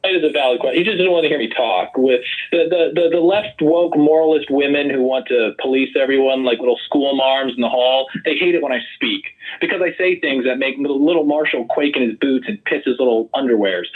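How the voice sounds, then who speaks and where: A man running as a political candidate, talking loud and rambling and mocking his opponents in a heated online debate. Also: mid-range voice, a little fast, hardly any pauses. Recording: tinny call audio.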